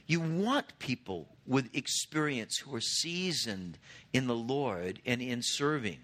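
Man, 50s, pastor, sermon, conversational storytelling, bright forceful tone. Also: mid-range voice, animated, slow. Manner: earnest storytelling preacher who explains scripture conversationally.

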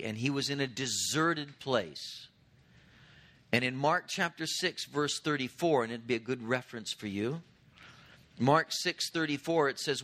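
A man's voice: mid-range voice, sharp tone. A man in his fifties preaching a sermon, retelling scripture in an earnest, conversational way. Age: 50s. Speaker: pastor.

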